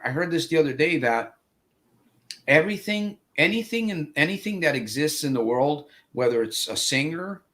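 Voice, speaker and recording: A man's voice: a little high, expressive, moderate pace, a bit bright. A man hosting a live interview show, speaking in a motivational way with lots of fillers. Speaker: host.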